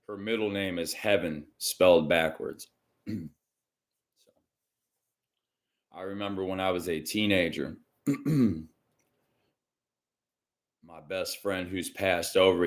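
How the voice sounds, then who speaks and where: A man hosting a casual psychic reading livestream from home, rambling and chatty and often clearing his throat. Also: low-pitched. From Michigan. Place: indoors at home.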